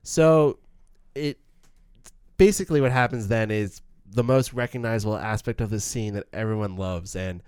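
Smooth-voiced man breaking down a film. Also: lowish voice, normal speed, no room sound, studio quality. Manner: animated, stumbles and restarts, acts out quoted lines. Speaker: podcast co-host discussing a film. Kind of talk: casual film analysis chat.

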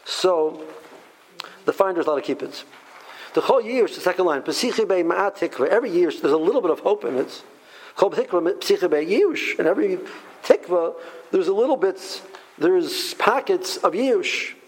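A man teaching a Torah class in an animated way, full of rhetorical questions and restarts. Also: high-pitched, normal speed, low-quality recording.

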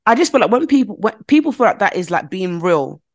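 This British woman, mid-range in pitch and fast-talking, chats casually for a podcast. She brings her stories to life animatedly, performing what other people said in quoted voices.

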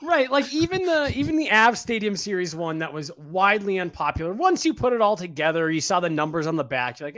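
A man's voice: high voice, animated, brisk, hardly any pauses, sharp tone. A man co-hosting a casual sports podcast, talking in a rambling way with a numb mouth after dental work. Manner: rambling, many fillers and restarts, casual swearing. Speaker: podcast co-host and writer.

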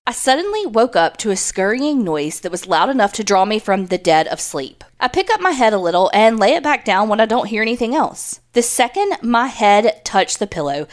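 A woman co-hosting a casual podcast, reading listener letters aloud. Her pitch moves a lot, rising and falling as she tells each story. She laughs as she goes and drops the odd swear word. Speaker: podcast co-host.

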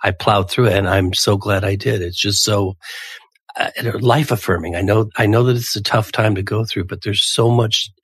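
Male podcast host, husky low voice, dry close sound, warm and enthusiastic. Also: steady tone, normal speed, no room sound. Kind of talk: casual interview chat.

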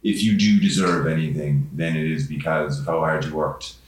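Irish man, very low voice, podcast guest, frank casual talk. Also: steady tone, normal speed, echoey room. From Ireland. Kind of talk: casual chat.

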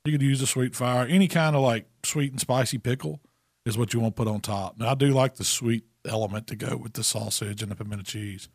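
A man's voice: medium pitch, fairly even intonation, a little fast, dry recording. Laid-back guy talking through a cook, plain mid voice, dry mic no room. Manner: easygoing, explains cooking step by step. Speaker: barbecue pitmaster co-host. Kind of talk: casual chat.

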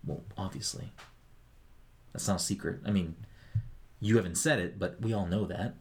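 A man's voice: deep voice, a little fast. A man co-hosting a casual gaming podcast, joking and swearing as he rambles through his thoughts. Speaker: podcast co-host.

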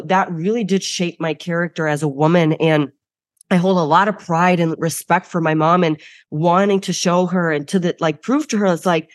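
A woman's voice: lowish voice, no echo, clean studio sound. A young woman from the United States, a podcast guest talking candidly and emphatically with many filler words. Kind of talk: candid interview talk.

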